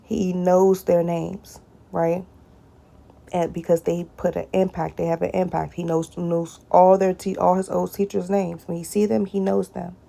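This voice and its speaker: A woman's voice: on the low side, flat delivery, a little slow, vocal fry, dark tone. A woman speaking straight to her viewers in a personal video blog, often addressing them directly and repeating short phrases.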